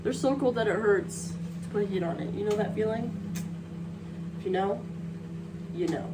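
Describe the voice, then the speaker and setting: A woman's voice: medium pitch, normal speed, very noisy. A woman vlogger chatting casually and playfully on a handheld phone, outdoors on a seaside cliff. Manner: chatty, playful, talks to her dog. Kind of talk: casual vlog narration.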